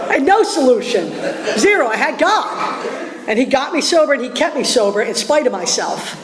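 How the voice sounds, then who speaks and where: A woman with a Philadelphia accent giving a personal testimony to a meeting, animated and acting out voices, laughing often. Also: medium pitch. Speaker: recovery meeting speaker. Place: meeting hall. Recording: roomy hall echo, faint background hum.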